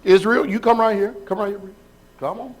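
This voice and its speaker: A man's voice: high-pitched, steady tone, a little fast. A man preaching as a pastor, calling members forward and asking the congregation whether they follow him. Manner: calls people up, checks in with the crowd. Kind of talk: live sermon.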